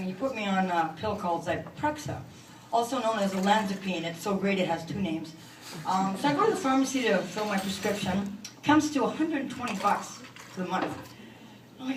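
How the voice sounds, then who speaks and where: A woman in her forties from Canada doing a stand-up comedy set in a club, delivering self-mocking punchlines in a deadpan way. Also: medium pitch, background noise. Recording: echoey club from far off.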